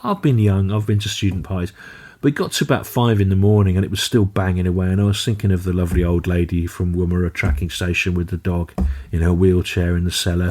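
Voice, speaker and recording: A man's voice: low-pitched, darkish tone. A middle-aged man, a comedian, telling stories in a wry, dry way with frequent asides. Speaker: comedian guest. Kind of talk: storytelling in casual conversation.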